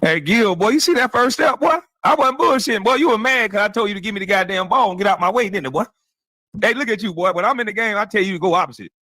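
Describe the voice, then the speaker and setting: Animated trash-talking guy in his 40s, voice swinging all over, dry close sound. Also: high-pitched, quick pace, no echo. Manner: animated, boastful, calls people "boy", laughs often. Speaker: former basketball player reacting to game clips. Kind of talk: profane trash-talk commentary over video.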